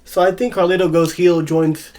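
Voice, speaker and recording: Higher-voiced man making predictions. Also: level tone, normal speed, a little mellow. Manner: argues his predictions, hedging with "I think". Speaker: podcast co-host. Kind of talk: casual wrestling chat.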